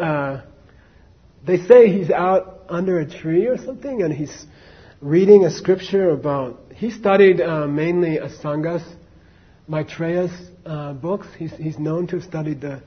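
Male teacher, husky, chatty storyteller with asides, dull recording. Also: a little high, normal speed. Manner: conversational, many fillers and asides to the audience. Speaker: Buddhist teacher. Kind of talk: casual dharma talk, storytelling.

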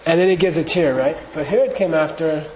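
A man's voice: fairly high pitch, a little fast. A man teaching a class on Buddhist philosophy, talking casually, joking with the students and leading them in group recitation. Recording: echoey room with background noise.

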